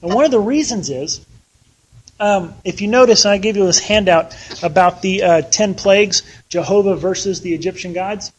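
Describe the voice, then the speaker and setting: A man's voice: sits high, moderate pace, slightly rough, low-quality recording. A man teaching a casual Bible study, chatty and conversational, often acting out the people he quotes.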